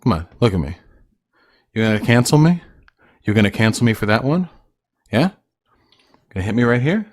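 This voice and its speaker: A young man rants at his livestream viewers in a combative, mocking tone, full of swearing. His voice sits at an ordinary middle pitch for a man. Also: sing-song, moderate pace, long pauses. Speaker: livestream host. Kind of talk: ranting livestream chat with viewers.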